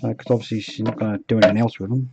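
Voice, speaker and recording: Over background noise and dull lo-fi stream audio, a man with a lowish, steady voice chats very fast as he paints miniatures live. He mutters to himself and hums idly between remarks.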